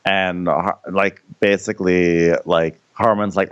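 A man's voice: on the low side, animated, normal speed, muffled recording. A man co-hosting a comedic TV recap podcast in casual chat, slipping into mock character voices. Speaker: podcast co-host.

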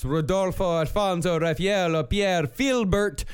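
A man's voice: high voice, a little slow, clean tone, soft background music. A man co-hosting a casual podcast, reading out long full names with playful, over-the-top delivery. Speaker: podcast co-host.

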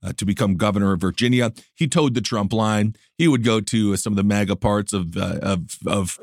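A man's voice: fairly low pitch, a little fast, vocal fry, dry recording, clean studio sound. A man hosting a podcast, giving sarcastic, joking political commentary with plenty of filler words. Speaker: podcast host. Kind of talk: comedic political chat.

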